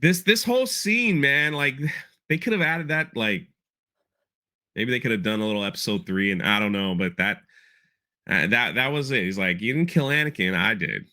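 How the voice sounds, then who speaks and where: A man's voice: mid-range voice, expressive, normal speed, pushed and bright. A man hosting a casual podcast chat, rambling and repeating himself as he talks through a show episode. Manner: rambling, repeats words, quotes lines with feeling. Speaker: podcast host breaking down an episode.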